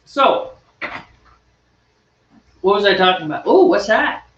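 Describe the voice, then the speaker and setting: A playful man with a high voice banters while he brews, joking and teasing in big exaggerated tones. He sounds far from the mic in a roomy space, and the livestream audio is dull and lo-fi. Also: sing-song, takes it slowly, background noise. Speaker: homebrewing host. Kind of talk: casual banter while brewing. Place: home brewing space.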